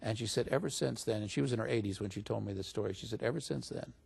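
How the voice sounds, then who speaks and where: A man recounting a personal story in a relaxed interview. His voice is strongly gravelly with a husky edge, and it rises into animated quoting whenever he speaks for others. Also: on the low side, fast talker. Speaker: interview guest recounting stories.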